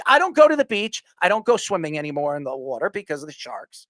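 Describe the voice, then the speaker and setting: A man's voice: sits high, lively intonation, fast, hardly any pauses, a bit bright, dry recording, clean studio sound. A man from New York hosting a sports talk show, rambling with blunt opinions and repeated words.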